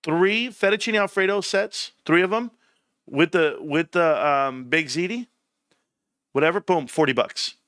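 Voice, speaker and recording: A man hosting a casual livestream from home, talking in an animated, rambling way with casual swearing. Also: a little high, a little slow, no room sound, clean studio sound. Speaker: livestream host.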